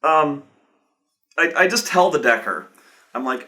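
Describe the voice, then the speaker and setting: A man telling a rambling tabletop-game anecdote, profane and animated, leaning on "like" constantly. His voice sits a bit high and bright, and it swings widely in pitch as he talks. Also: a little slow. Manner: profane, animated, fills speech with "like". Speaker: storyteller recounting a tabletop game. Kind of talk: casual anecdote.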